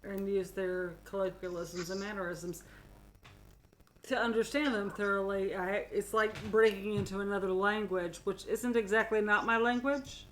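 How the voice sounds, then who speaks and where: A woman's voice: mid-range voice, steady tone, moderate pace, a little hiss or hum, low-quality recording. A middle-aged woman co-hosting a podcast in casual chat, talkative and profane, sometimes slipping into a drawl. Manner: chatty, profane, slips into a drawl. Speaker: podcast co-host.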